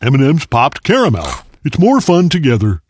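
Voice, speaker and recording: A man's voice: a little high, wildly swooping pitch, moderate pace, breathy edge, faint music behind, exaggerated voice. A man voicing a sly male candy character in a commercial, relishing every word.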